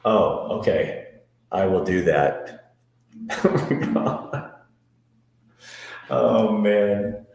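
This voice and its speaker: A man's voice: fairly low pitch, animated, drawn-out words, creaky, long pauses, darkish tone. A man hosting a casual live chat show, reading viewer comments aloud and answering them in a joking, rambling, self-mocking way. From Montana. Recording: very echoey room.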